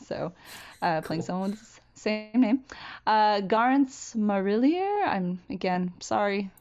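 A woman's voice: medium pitch, lively intonation, slow pace, a little mellow, highs cut off. A woman co-hosting a film podcast, chatting casually with many fillers and reading from notes. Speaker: podcast co-host.

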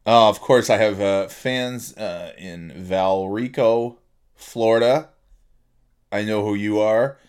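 Slow-talking jokey man. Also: medium pitch. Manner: reads out listener cities, jokey, tries silly accents. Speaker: podcast host. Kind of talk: casual solo podcast chat.

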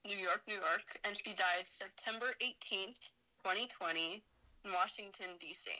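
A young woman co-hosting a casual podcast, chatty and quick to laugh. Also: medium pitch, sharp tone, low-quality recording. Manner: laughs easily, slow and chatty. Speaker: podcast co-host. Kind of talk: casual chat.

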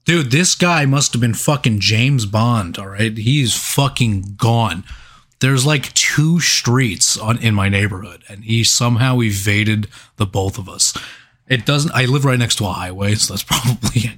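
A man's voice: fairly low pitch, measured pace. Profane man telling a story. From New York. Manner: profane, animated anecdote with laughs. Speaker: podcast co-host. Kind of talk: casual storytelling chat.

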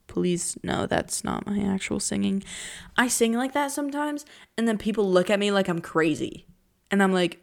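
A young woman hosting her own podcast in casual chat, chatty and dramatic, jumping between pitches and whispers. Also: moderate pace, vocal fry. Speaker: podcast host.

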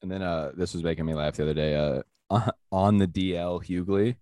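A man's voice: low voice, level tone, brisk, dark tone. A man hosting a comedy podcast, joking and laughing often, restarting his sentences. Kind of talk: casual comedy podcast chat.

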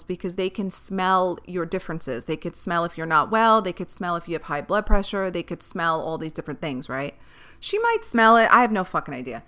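A young woman with a bright, clear voice talks in a loose, candid way. She swears freely and rambles onto side tangents as she hosts her podcast. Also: medium pitch. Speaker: podcast host. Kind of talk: casual chat.

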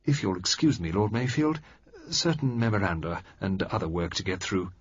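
A reserved young secretary, as a male narrator puts him on, murmuring courteously in a husky voice. The recording is dry and slightly dull. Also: low voice, moderate pace. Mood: polite.

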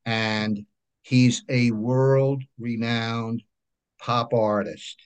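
A man with a New York accent, a guest telling lively anecdotes in a casual interview and often checking in with "right?". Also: mid-range voice, very slow, smooth. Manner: animated anecdotes, frequent "right?" check-ins. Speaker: guest, comic book creator.

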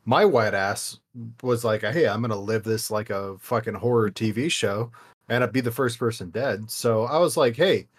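A man's voice: fairly low pitch, moderate pace, breathy edge. A young man co-hosting a podcast, telling a story in a loose, rambling way with casual swearing. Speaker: podcast co-host.

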